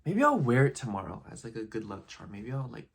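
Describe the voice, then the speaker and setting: A man's voice: mid-range voice, sing-song, a little fast, vocal fry, breathy edge. A young man telling a story in a casual vlog, rambling and filling his talk with "like" and "you know". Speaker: vlogger.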